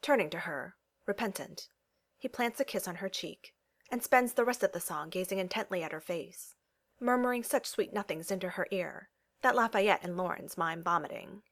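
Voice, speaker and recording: A woman's voice: fairly low pitch, normal speed. A woman reading a story aloud, telling it expressively and giving quoted characters their own voices. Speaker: narrator. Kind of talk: reading fan fiction aloud.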